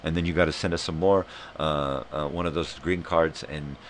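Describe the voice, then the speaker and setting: A man voicing a pushy male lottery scammer on the phone, talking in fast, broken sales patter. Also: extremely low pitch, fairly even intonation, slight background noise. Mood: wheedling.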